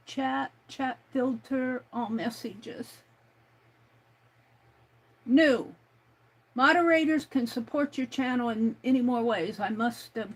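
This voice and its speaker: A woman's voice: on the high side, slightly rough, poor audio. A woman hosting a crafting livestream in casual chat, thinking aloud and reading out chat messages as she works.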